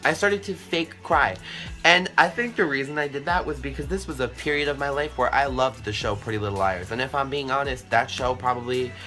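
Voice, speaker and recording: A young man telling a storytime vlog in a chatty, animated way, full of fillers and swearing. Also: mid-range voice, fast talker, hardly any pauses, soft background music. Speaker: vlogger.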